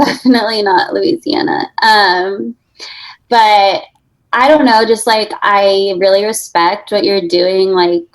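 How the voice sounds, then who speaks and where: Female actor as an eager exposure-hungry guest; slow, filler-heavy delivery. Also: medium pitch, fairly even intonation, low-quality recording. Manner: slow, filler-heavy, valley-style 'like' talk. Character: eager young woman guest chasing exposure.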